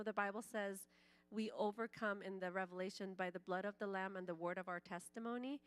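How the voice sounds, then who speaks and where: Medium-pitched, clean and fairly bright, this voice belongs to a woman in her forties who was raised in Iran and speaks Farsi natively. She relates her church testimony conversationally, often saying "like" and performing the quoted dialogue.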